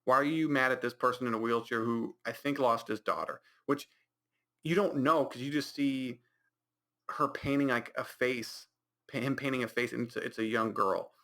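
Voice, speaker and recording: A man's voice: medium pitch, moderate pace, bright, forceful tone. A man hosting a podcast, rambling through a mocking recap of a movie with many restarts and put-on reactions. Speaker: podcast host.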